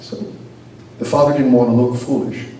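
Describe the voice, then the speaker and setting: Man telling a story like a rabbi, lively, really echoey room, mic far off, noisy. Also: medium pitch, normal speed. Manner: animated storyteller, sprinkles Yiddish words. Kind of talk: storytelling teaching.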